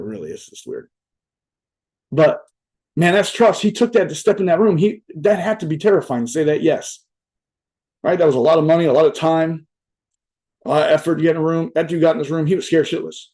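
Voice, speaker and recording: A man's voice: a little high, lively intonation, a little fast, dark tone. A young adult man giving a casual motivational talk at a virtual event, rambling and swearing, with lots of "right?" asides. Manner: rambling, profane, filler-heavy with many "right?" asides. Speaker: motivational speaker. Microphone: virtual event talk mic.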